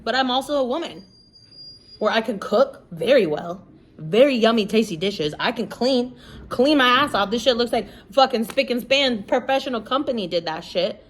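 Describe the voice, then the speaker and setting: A podcast host with a slightly high, animated voice speaks at a normal pace in a casual monologue. She's blunt and emphatic, swearing a lot and peppering her talk with "like" and "you know."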